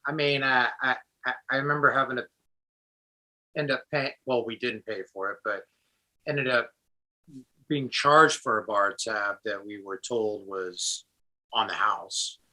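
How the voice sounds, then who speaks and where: A man's voice: medium pitch, a little slow, pauses often, sharp tone. A man guest musician chatting casually in an interview, rambling with lots of restarts and fillers.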